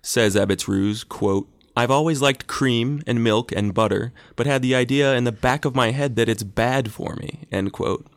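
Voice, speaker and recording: Man, low voice, gravelly, wry scripted comic news reading, dry close sound. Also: moderate pace, hardly any pauses, no room sound. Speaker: segment presenter.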